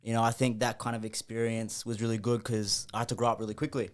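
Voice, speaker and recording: A man's voice: medium pitch, quick pace. Aussie guy late 20s, chatty and sweary, podcast guest spinning stories. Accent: Australian. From Australia. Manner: swearing, animated storytelling. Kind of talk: casual podcast interview.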